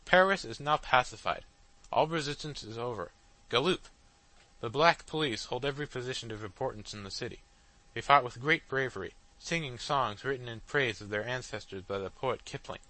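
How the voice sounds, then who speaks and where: A man voicing a huge trumpet-faced male news machine that blares loud announcements in an audiobook. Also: mid-range voice, a little fast, natural voice, rough recording. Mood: gloating.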